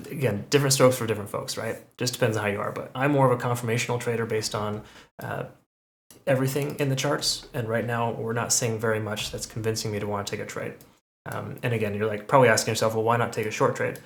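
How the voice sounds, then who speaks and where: Here a fast-talking man with a gravelly, medium-pitched voice and steady tone analyzes crypto price charts. As a market analyst, he keeps it casual, frequently asking "okay" and "right?" along the way, in a space with roomy echo.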